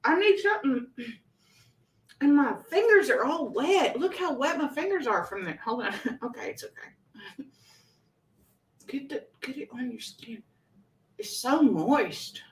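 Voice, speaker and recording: A woman's voice: high voice, expressive, unhurried, pauses often, far from the mic. Giggly woman in an echoey room. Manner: giggly, self-mocking, breaks into laughter. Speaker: host of a live chat show. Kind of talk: casual live-stream chat.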